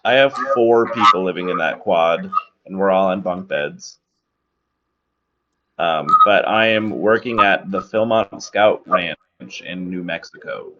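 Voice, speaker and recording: A man's voice: deep voice, a little slow, noisy background. A young man on a call chatting plainly about where he is working. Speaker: player. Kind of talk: casual chat on a call. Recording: muffled call audio.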